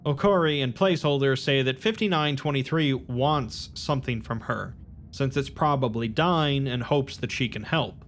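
A man retells a story's events in a measured, even narrating voice at a middling pitch. Soft music plays faintly beneath his words.

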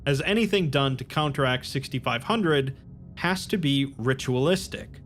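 Man, story recap narrator, measured delivery, faint background music. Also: medium pitch.

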